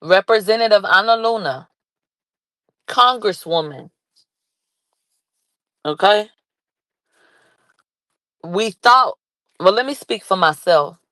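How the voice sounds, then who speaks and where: A woman giving excited live commentary, reading posts and chat aloud, laughing and shouting in bursts. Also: medium pitch, slow pace, pauses often, no echo. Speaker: commentary vlogger.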